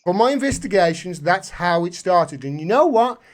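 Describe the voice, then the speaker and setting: A man hosting a live video call, talking animated and swearing freely as he rants. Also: high-pitched, normal speed. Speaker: host. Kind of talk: casual chat.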